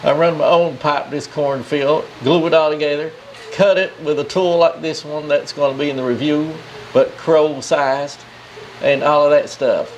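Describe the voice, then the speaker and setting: Guy putting on a cocky crow puppet, kinda high pitched, bragging and mouthing off. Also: fairly even intonation, moderate pace, a little hiss or hum, lightly acted, low-quality recording. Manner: brash, bragging, threatening. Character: boastful foul-mouthed male crow puppet.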